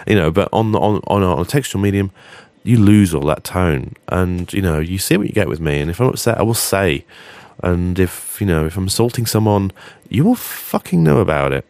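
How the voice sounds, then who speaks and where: A man with a very low, deep voice talks through a casual solo podcast. He rambles and hesitates, filling gaps with ums, and is blunt and sweary when he makes a point. The sound is dry and close, with no room echo. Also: moderate pace, a little mellow. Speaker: podcast host.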